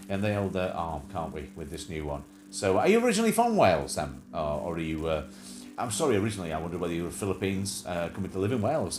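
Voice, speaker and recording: A man hosts a casual livestream chat show, rambling from one point to the next with plenty of ums and restarts. His pitch swings widely as he jokes around, and faint noise sits behind him. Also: a little mellow. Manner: rambling, jokey, many fillers and restarts.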